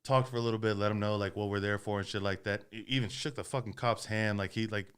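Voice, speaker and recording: Podcast host, man, low and smooth voice, casual and foul-mouthed storyteller. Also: fast. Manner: profane, animated storyteller.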